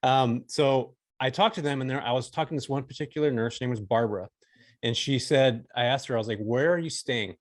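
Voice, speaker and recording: Telling a story on a podcast, this fortysomething guest from California sounds relaxed and uses slang like "dude" and "bro." He's a fast talker with a mid-range voice and fairly even intonation. This casual storytelling interview has no room sound.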